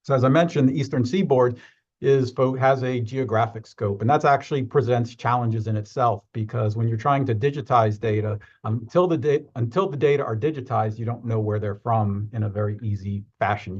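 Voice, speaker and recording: A man's voice: mid-range voice, a little fast, darkish tone, dull audio. A man presenting in a webinar, hesitant, repeating and restarting words as he explains. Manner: hesitant, with frequent restarts and fillers.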